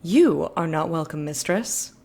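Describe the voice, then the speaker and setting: Game robot aide, courteous and formal, lowish soft voice put on by a woman. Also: animated, measured pace, gravelly, slightly rough, heavily acted. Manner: formal, always says mistress. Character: polite deferential robot servant, male.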